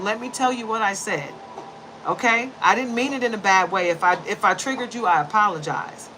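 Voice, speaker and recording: A woman in her forties, a tarot reader, telling a personal story in casual talk, animated, with loud bursts and low, earnest stretches. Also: brisk, a little hiss or hum, poor audio.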